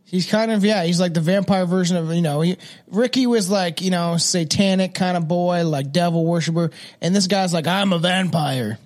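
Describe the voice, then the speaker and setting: A man's voice: high-pitched, normal speed, darkish tone. A man hosting a podcast in casual, rambling, slangy chat, laid back and swearing freely. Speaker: podcast host.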